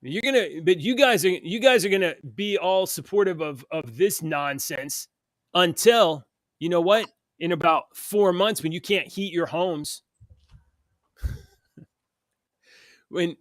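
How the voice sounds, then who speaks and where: A man on a morning talk show reads headlines aloud, then breaks into a scornful, heated rant. His voice sits fairly high for a man. The sound is close and dry, with no room echo. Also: animated, slow, long pauses, a bit bright. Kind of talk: opinionated political rant.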